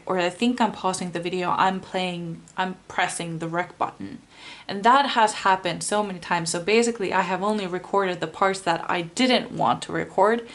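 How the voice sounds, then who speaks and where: A woman from Finland with a Finnish accent, chatting casually as a tarot reader, rambling and laughing often. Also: mid-range voice. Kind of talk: casual chat.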